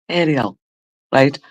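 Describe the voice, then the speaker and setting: A woman from Cumbria, hosting a casual live stream. Her voice is low and rough, and she chats bluntly, swears and laughs a lot while greeting viewers. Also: a bit bright, no room sound. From Cumbria, England. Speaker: livestream host.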